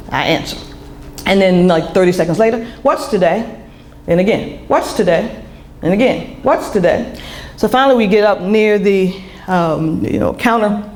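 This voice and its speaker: A woman's voice: mid-range voice, darkish tone. Woman telling a caregiving story candidly. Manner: candid storyteller, many restarts and fillers. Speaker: author and speaker. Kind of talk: personal talk to an audience.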